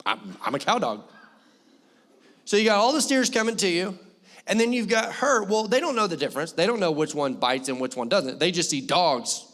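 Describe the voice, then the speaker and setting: Male pastor, young, animated, joking storytelling, higher voice, long hall reverb. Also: brisk. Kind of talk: sermon. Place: church hall.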